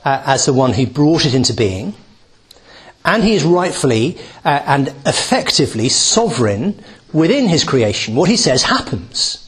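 Guy doing a bible talk, bit raspy, swoops up and down a lot, lots of restarts. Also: a little high. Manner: animated, with many restarts and asides. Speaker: preacher.

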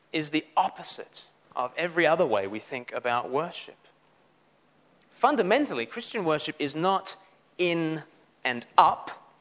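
A man preaching a sermon, animated, with mocking asides. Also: fairly high pitch.

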